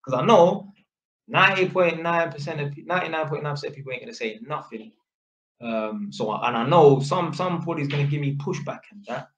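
Man, animated storyteller, heavy slang, fairly high voice, echoey room. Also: a little fast. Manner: animated storyteller, heavy street slang, frequent tag questions. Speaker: vlogger. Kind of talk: casual anecdote telling. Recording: echoey room, dull lo-fi sound.

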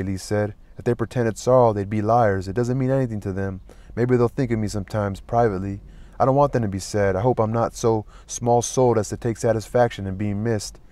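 A man reading a novel aloud in an even, plain manner, lightly voicing the dialogue. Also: on the low side, dry recording. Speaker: audiobook reader.

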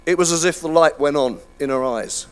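A man's voice: on the high side, fairly quick, smooth. Chatty older man preaching. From United Kingdom. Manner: chatty, self-deprecating, with many fillers and restarts. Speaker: pastor. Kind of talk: sermon. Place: church hall.

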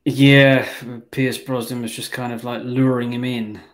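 A man's voice: medium pitch, little pitch movement, unhurried. A man co-hosting a film review show, talking bluntly and plainly in casual chat. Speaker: film review podcast co-host.

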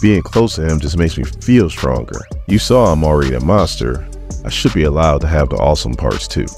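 A man's voice: extremely low pitch, expressive, fairly quick, vocal fry, darkish tone, soft background music, heavily acted. A man retelling a pushy young girl sidekick.

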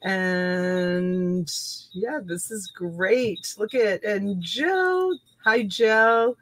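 Slow-talking woman in her fifties hosting a stream. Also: medium pitch, animated. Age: 50s. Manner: warm greetings to viewers, laughs often, calls people honey and sweetheart. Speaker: live-stream auction host. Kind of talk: casual live-stream chat.

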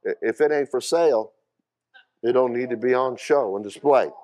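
Emphatic man preaching a sermon. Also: moderate pace. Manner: emphatic preaching with sudden loud high bursts and quieter asides; repeats words and calls out questions to the congregation. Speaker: pastor.

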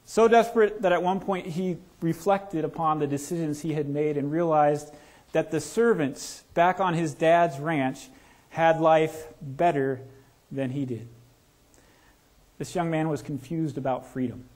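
Pastor guy preaching in church, kinda high voice, chatty, tosses questions at the crowd. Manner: conversational, asks the congregation questions; lowers to a soft, slow voice in prayer. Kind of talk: sermon. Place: church sanctuary.

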